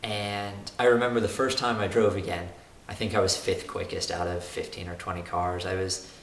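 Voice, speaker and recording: Young guy telling his story, low voice, earnest, bit of hiss and room echo. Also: little pitch movement, moderate pace, creaky, fairly bright tone. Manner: earnest, reflective, with frequent restarts. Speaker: race car driver sharing his story. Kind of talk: personal testimonial. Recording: roomy room with faint hiss.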